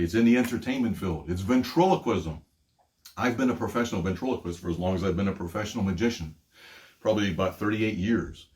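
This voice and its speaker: Chatty older magician from Pittsburgh. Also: male voice, fairly low pitch. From Pittsburgh, USA. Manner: upbeat, chatty, laughs often. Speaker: magician and ventriloquist host. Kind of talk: casual teaching demonstration.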